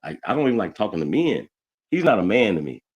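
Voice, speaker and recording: A man hosting a livestream, ranting loudly with heavy swearing and constant repetition. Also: lowish voice, very animated, fast, lo-fi sound. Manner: loud, ranting, repeats himself, swears a lot. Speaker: livestream roast host. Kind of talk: heated profane livestream rant.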